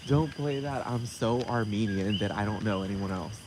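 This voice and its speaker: A man's voice: fairly low pitch, unhurried. A man ranting to camera in a sassy, heavily profane way and laughing often, outdoors at night. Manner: sassy, heavy swearing, frequent laughter. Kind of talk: casual profane rant to camera. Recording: noisy background with crickets.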